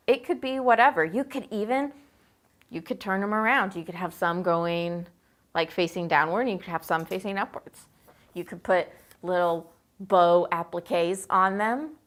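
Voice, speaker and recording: A woman's voice: mid-range voice, fairly bright tone. A woman hosting a live chat in a chatty, upbeat way, reading out viewer comments and rambling on with lots of "you know" and "like" while a quilt hangs behind her indoors. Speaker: host.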